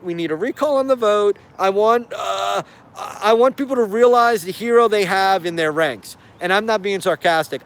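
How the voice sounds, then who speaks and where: Man, high voice, live-stream host, animated, sarcastic, laughs a lot, filler-heavy. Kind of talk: casual live-stream commentary.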